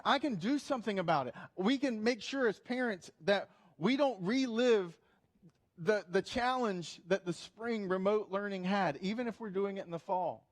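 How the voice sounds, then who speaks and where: High-voiced man preaching a lively sermon. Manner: animated, humorous, with playful asides. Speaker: pastor. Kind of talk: conversational sermon.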